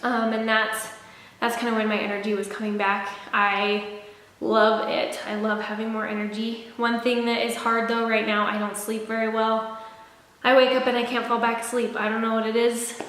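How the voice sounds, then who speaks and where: A woman's voice: a little high, level tone, moderate pace, fairly bright tone. Chatty young woman in an echoey room. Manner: chatty, rambling, many fillers and restarts. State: out of breath. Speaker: vlogger. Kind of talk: casual sit-down pregnancy update. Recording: very echoey room with long reverb.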